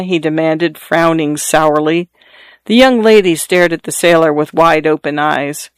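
A man reads a story aloud, lightly shading his voice for each character in the dialogue. His voice sits a little high for a man and sounds smooth and resonant. The recording is dry and close, with no room echo. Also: level tone, moderate pace. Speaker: narrator. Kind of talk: scripted narration of a story.

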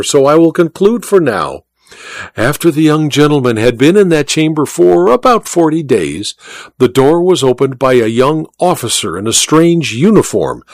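A man voicing an obsequious, cunning court spymaster in an audiobook, with a deferential, measured delivery. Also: on the high side, no room sound. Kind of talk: audiobook reading.

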